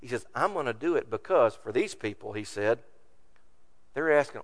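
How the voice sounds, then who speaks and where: A man's voice: mid-range voice, animated, normal speed. A man preaching a sermon, reading scripture aloud and acting out the complaints of the people. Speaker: pastor.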